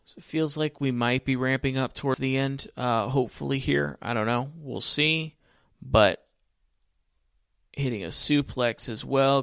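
A man's voice: medium pitch, fairly bright tone, smooth, no room sound, studio quality. A man giving casual live commentary on a wrestling show in a chatty way, often speaking straight to his viewers. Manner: chatty, addresses viewers directly. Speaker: wrestling watch-along commentator.

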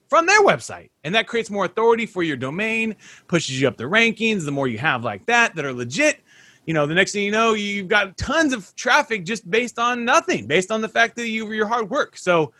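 Hyped-up, bright-voiced male podcast host. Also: high voice, sing-song, normal speed, no room sound. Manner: hyped, talks up the audience as folks. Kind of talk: energetic podcast interview. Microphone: video call.

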